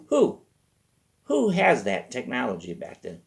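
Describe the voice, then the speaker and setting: Male host, low and gravelly, rambling storyteller with deadpan asides. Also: normal speed. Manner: rambling, self-interrupting. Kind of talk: comedic storytelling.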